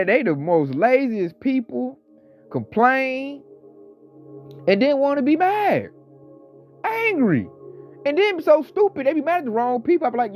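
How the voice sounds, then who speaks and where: A man delivering a casual ranting monologue, talking with animated, mocking energy and mimicking coworkers. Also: very high-pitched. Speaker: online commentator. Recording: slightly dull audio, faint background music.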